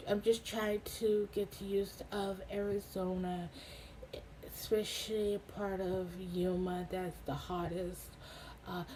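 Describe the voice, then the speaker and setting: A young woman giving a casual personal update, halting with many ums and getting emotional. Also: fairly low pitch, dark tone, a little hiss or hum, poor audio. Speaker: vlogger. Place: home in a hot desert town.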